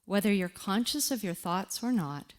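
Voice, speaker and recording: A woman giving a reflective talk on grief, speaking deliberately and guiding listeners through a quiet exercise with pauses. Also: mid-range voice, expressive. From Canada.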